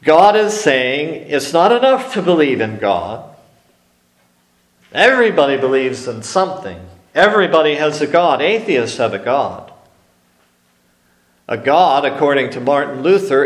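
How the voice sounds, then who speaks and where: Guy preaching a sermon, slow and emphatic, lots of echo around him. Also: on the high side, sing-song. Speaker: pastor.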